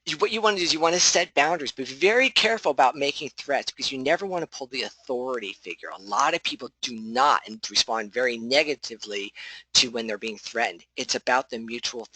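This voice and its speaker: Bright-voiced man giving a casual training talk. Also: medium pitch, fast, low-quality recording. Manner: conversational, self-correcting, animated asides. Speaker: de-escalation trainer.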